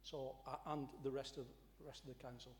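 A man with a sore throat, halting and apologetic, replying in a council debate. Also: mid-range voice, little pitch movement. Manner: halting and apologetic, plain-spoken. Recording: echoey chamber with long reverb and faint background noise.

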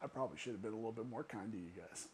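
A woman's voice: a bass voice, racing, heavy background noise. Exasperated woman ranting on her vlog. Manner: exasperated, swearing, laughs between jabs; repeats phrases for emphasis. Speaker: YouTube channel host.

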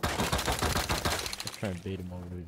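A man's voice: deep voice, little pitch movement, slow. A man narrating his own gameplay in a dry, matter-of-fact way. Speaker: streamer narrating his run. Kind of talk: casual gaming narration. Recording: game noise and gunfire behind.

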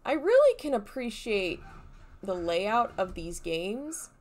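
A woman's voice: medium pitch, very animated, takes it slowly. A young adult woman commentating her video game playthrough in a casual way, tossing out wry, sarcastic quips at the game. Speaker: let's play gamer.

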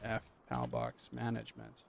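A man's voice: medium pitch, level tone, moderate pace, creaky, slight background noise. A young man chatting casually and swearing while he streams a game and talks to his chat. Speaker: livestreamer. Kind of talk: casual live game commentary.

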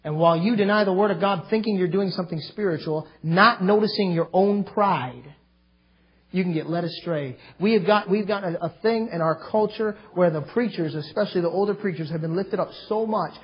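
Husky-voiced preacher man, high pitch. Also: fairly quick, muffled recording. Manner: emphatic preaching with sudden loud outbursts. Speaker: pastor. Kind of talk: sermon. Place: church.

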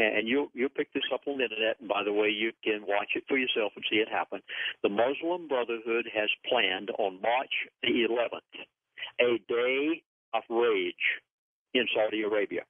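A man's voice: on the low side, no room sound. A man guest on a call-in radio show, speaking in an earnest, grave and emphatic way over a phone line. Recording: dry, tinny phone line.

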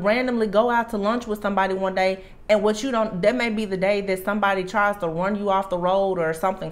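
Emphatic Southern woman giving a tarot reading. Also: mid-range voice. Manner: emphatic, repeats warnings, drawls "I'm telling you". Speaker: tarot reader. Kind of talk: channelled tarot reading to camera.

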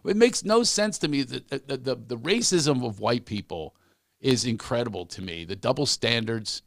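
A man's voice: medium pitch, lively intonation, moderate pace, vocal fry, no echo, studio quality. A man who is a comedian guest, ranting animatedly and repeating words when fired up. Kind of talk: animated podcast conversation.

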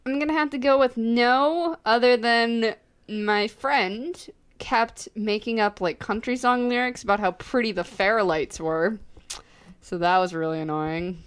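A woman's voice: a little high, unhurried, fairly bright tone, clean tone. A teenage girl guesting on a podcast, playful and teasing in casual chat. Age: teens.

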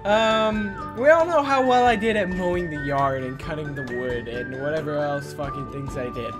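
A man's voice: a little high, normal speed. A young man giving casual gameplay commentary, swearing and bursting into frustrated outbursts. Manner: frustrated, profane, prone to outbursts. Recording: game music in background.

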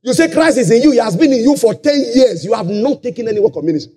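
A man with a Nigerian accent preaching a sermon, shouting key lines and lapsing into a sing-song cadence. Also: very high voice, lively intonation, quick pace. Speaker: pastor. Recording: live conference hall.

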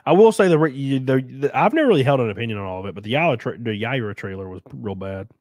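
Congested and under the weather, a US livestream host chats with viewers and reads their comments in a quick, expressive, medium-pitched voice that's a little mellow. The recording is dry, and he swears casually and lets thoughts drop off unfinished.

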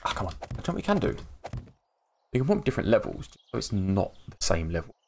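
A man's voice: fairly low pitch, wildly swooping pitch, fast, vocal fry, darkish tone, a little hiss or hum. An English man hosting a casual live game stream, rambling, laughing often and greeting viewers in chat by name. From England. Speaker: livestream host.

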